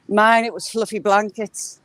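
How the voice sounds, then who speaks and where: A woman's voice: medium pitch, a bit bright, no echo. A middle-aged woman with a mixed Yorkshire, Geordie and Cumbrian accent, chatting casually to viewers on a live-stream while she walks outdoors through rural fields. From northern England. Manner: chatty, rambling, answers viewers' comments. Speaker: vlogger live-streaming a walk.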